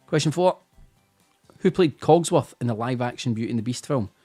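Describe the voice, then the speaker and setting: A man's voice: mid-range voice, lively intonation, fairly quick, mellow. A Scottish man hosting a casual live-stream quiz, chatty and teasing, tired after a busy day, over faint music. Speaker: quiz host.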